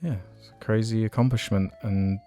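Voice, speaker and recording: A man's voice: on the low side, fairly even intonation, normal speed, warm tone, soft background music. A man co-hosting a casual podcast, rambling with lots of fillers as he chats and reads out listener questions. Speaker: podcast co-host.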